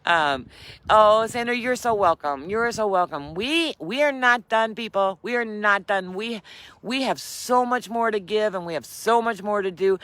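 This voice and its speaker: A woman's voice: medium pitch, normal speed, fairly bright tone, no echo. An older woman and grandmother hosting a casual motivational live stream, repeating her key lines for emphasis and laughing often. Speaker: keto vlogger and host.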